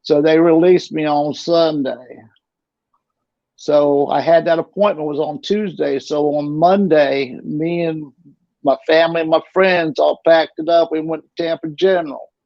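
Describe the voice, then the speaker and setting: A middle-aged man tells his story in a gravelly, slightly raised voice, circling back and repeating himself as he goes. The recording is dull and lo-fi, and the sound is dry and close. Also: fairly high pitch, steady tone, measured pace, dry recording. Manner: rambling, repeats and restarts words. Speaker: interview guest. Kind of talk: casual storytelling.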